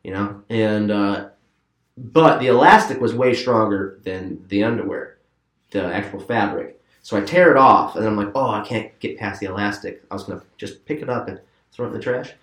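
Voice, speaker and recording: A man's voice: fairly low pitch, normal speed, a bit bright, reverberant. A man casually telling a long story among friends, rambling, repeating words and laughing as he goes.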